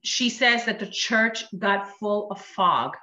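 Bright-voiced woman sharing a faith testimony. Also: mid-range voice, lively intonation, takes it slowly. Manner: earnest storytelling, acting out quoted dialogue. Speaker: guest giving a testimony. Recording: dull roomy recording.

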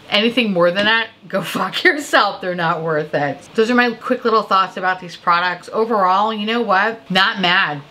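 A woman's voice: on the low side, bright, forceful tone, a little hiss or hum. A woman beauty vlogger chatting casually while getting ready. She is tipsy and stuffy-nosed, and her talk is profane and self-mocking. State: stuffy nose. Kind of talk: casual get-ready-with-me chat.

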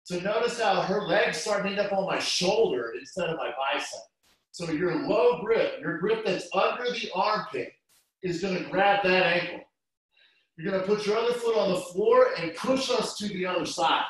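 A man's voice: sits high, moderate pace. A man teaching a jiu-jitsu class, walking students through moves step by step and calling them guys. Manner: steady step-by-step coaching, addresses students as guys. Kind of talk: live class instruction over video call. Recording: echoey room, voice from far off.

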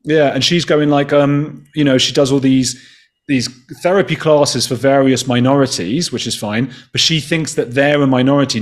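A man in his thirties tells a story as a podcast guest, talking in a casual, animated way. He swears freely and slips into the voices of the people he quotes. His voice sits at an ordinary middle pitch.

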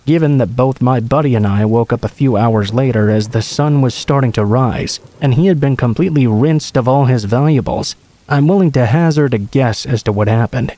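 A man reads a true scary story aloud in a calm, conversational way. His voice is dark and mellow, and the recording is dry and close. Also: mid-range voice, moderate pace, no echo. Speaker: horror story narrator. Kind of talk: scripted narration.

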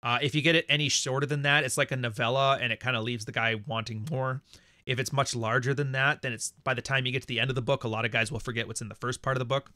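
A man's voice: medium pitch, steady tone, fast talker, bright, forceful tone, no room sound, clean studio sound. A Canadian man hosting a casual livestream, talking in a blunt, profane, rambling way. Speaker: podcast host.

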